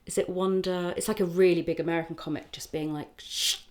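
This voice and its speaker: A woman comedian talking as a guest in a quick, animated, chatty podcast conversation. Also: on the low side. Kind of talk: casual podcast chat.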